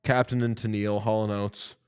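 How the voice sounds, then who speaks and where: A man's voice: on the low side, flat delivery, a little fast, smooth. A man co-hosting a casual hockey watchalong, joking around and telling stories. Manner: joking, storytelling, tries mock accents. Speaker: podcast co-host.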